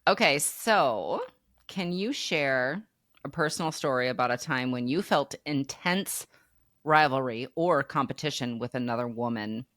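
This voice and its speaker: A woman with a low voice co-hosts a casual podcast chat. She talks in a bubbly, lively way, and her pitch swings widely. The recording is dry and close. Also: measured pace, no room sound. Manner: bubbly, animated and laughing often. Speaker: co-host.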